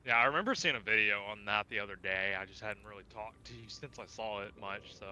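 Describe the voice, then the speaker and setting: Very bright-voiced laid-back gamer. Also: male voice, lowish voice, fast talker, poor audio. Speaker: co-op player. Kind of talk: casual gaming chat.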